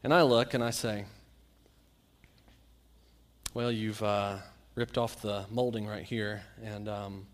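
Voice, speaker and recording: A man preaching a sermon, telling Bible stories and a personal anecdote and acting out the quotes with lively shifts. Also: lowish voice, a little slow. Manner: storytelling, animated, acts out quotes.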